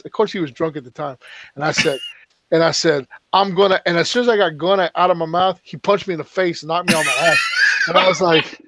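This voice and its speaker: A man's voice: fairly high pitch, huge pitch swings, brisk, fairly bright tone, dry recording. A man co-hosting a casual live stream chat, telling profane, rambling stories with laughter. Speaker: podcast co-host. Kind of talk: casual crude storytelling chat.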